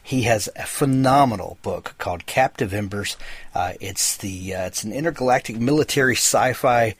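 A man's voice: mid-range voice, normal speed, breathy edge, dry recording. A male podcast host chatting enthusiastically with a guest, with frequent fillers. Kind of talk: casual interview chat.

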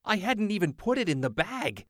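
An excitable, insistent teenage boy, voiced by a man reading an audiobook, pleading and breathless in a pitched-up voice. The recording is dry and close. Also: moderate pace, no room sound. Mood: excited. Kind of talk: audiobook character voice.

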